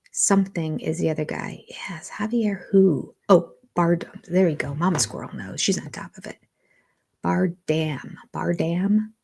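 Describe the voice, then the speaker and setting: Speaking in a fairly low, creaky and slightly rough voice, this older reality TV livestream host chats casually from home. She thinks out loud while going over viewer comments and frequently lowers to gentle, half-whispered remarks.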